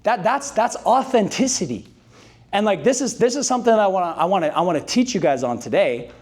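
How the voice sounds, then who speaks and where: Sales trainer, male, very high pitch, loud hype delivery, keeps pulling the room into call-and-response. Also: brisk. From Canada. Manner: energetic, hype-driven, calls on the audience to answer and repeat. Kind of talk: motivational speech to a live sales team. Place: dealership meeting room with a live audience.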